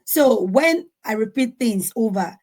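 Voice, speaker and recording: A woman's voice: on the high side, expressive, measured pace, a little mellow, low-quality recording. A woman in her forties speaking on a discussion panel, earnestly sharing parenting advice and acting out family exchanges. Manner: earnest, advice-giving, acts out family dialogue.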